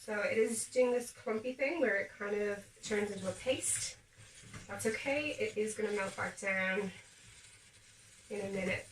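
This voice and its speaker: In her own kitchen, a woman who vlogs about home baking talks viewers cheerfully through every step of a casual cooking demonstration. Her voice is mid-range. Slight background noise mixes with the echo of the room, and the mic sits somewhat distant.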